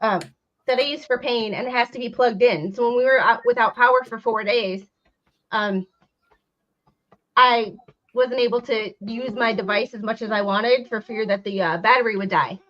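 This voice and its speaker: A woman's voice: on the high side, moderate pace, a bit bright, lo-fi sound. A woman hosting a casual livestream chat from home, talking loosely and laughing between remarks. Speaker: host.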